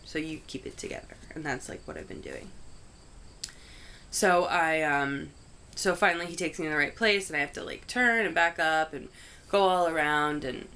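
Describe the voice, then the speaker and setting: A young woman speaks in a fairly low voice, telling a story in a loose, chatty way. Her talk is full of "like" and the odd curse word. Faint crickets and insects sound in the background. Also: moderate pace, pushed and bright, a little hiss or hum. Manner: chatty, heavy use of "like", frank swearing. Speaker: vlogger. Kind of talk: casual storytelling.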